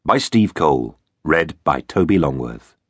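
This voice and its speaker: Deep-voiced theatrical male storyteller. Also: big pitch swings, a little slow, breathy edge, no echo. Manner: theatrical, playful storytelling with big swings. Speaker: audiobook narrator. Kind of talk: children's audiobook narration. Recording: dry studio booth.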